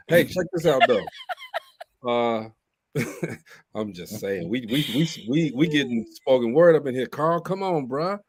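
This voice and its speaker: A man's voice: medium pitch, lively intonation, unhurried, long pauses, no room sound. A man hosts a live online show. His manner is loose and full of jokes and laughs. His voice sounds dry and close. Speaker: host.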